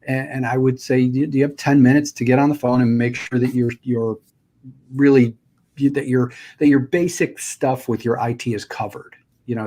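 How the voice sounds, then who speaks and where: Middle-aged male host, casual and conversational, medium pitch, loose and searching delivery. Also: a little mellow. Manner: casual, explains at length with fillers and restarts. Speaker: podcast host. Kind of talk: conversational interview.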